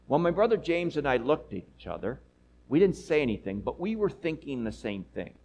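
An awed apostle retells, in first person, a miracle he saw with his own eyes, as a man acts him out. The voice sits a little high for a man and swings widely in pitch. He talks to his listeners in a lively, chatty way and turns to them with asides. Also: fairly quick, gravelly, heavily acted, rough recording. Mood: storytelling. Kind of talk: first-person dramatic monologue.

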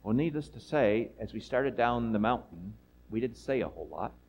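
A man playing an apostle who retells a miracle he witnessed in a first-person dramatic monologue, lively and chatty with asides to his listeners. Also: medium pitch, moderate pace, rough recording. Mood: storytelling.

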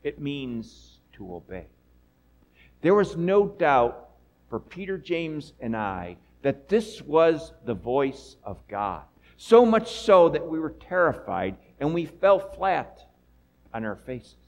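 An awed apostle retells, in first person, a miracle he saw with his own eyes, as a man acts him out. The voice sits a little high for a man and swings widely in pitch. He talks to his listeners in a lively, chatty way and turns to them with asides. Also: slow pace, full character voice, rough recording. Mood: storytelling. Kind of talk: first-person dramatic monologue.

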